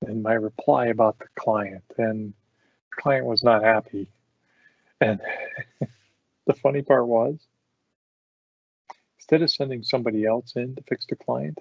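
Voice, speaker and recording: A man hosts his own podcast and tells stories in a relaxed, chatty way, often laughing. His voice is mid-pitched with a gravelly edge. The recording is dry and a little dull. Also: measured pace, pauses often, no room sound. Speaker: podcast host. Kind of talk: casual storytelling.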